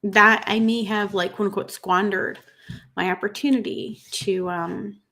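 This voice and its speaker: A woman in her thirties hosting a livestream, tearful after crying, reading viewer comments in an earnest, halting way with many fillers. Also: medium pitch, steady tone, bright, forceful tone. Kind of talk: emotional livestream chat.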